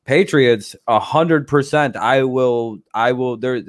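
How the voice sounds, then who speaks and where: A man's voice: medium pitch, takes it slowly, dry recording, studio quality. A man hosting a casual livestream, rambling loosely and swearing freely, with frequent laughs. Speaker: streamer host.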